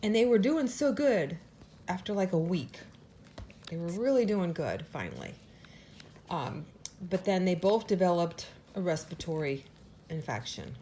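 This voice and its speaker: A woman dog breeder gives an earnest, emotional home update to camera about her puppies, with slight background noise. Her voice is mellow, a little slow and sing-song, and she talks to the puppies in a high sing-song.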